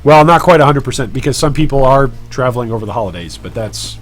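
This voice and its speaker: A man's voice: mid-range voice, animated, quick pace, soft background music. A man hosting a casual live stream while trading, joking about himself and chatting with viewers. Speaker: gaming streamer and guild leader.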